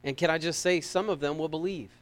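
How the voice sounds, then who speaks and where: High-voiced, fervent American preacher man. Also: quick pace. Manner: fervent, rising to loud emphatic peaks and dropping to soft asides; repeats words and phrases. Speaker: pastor. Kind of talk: sermon.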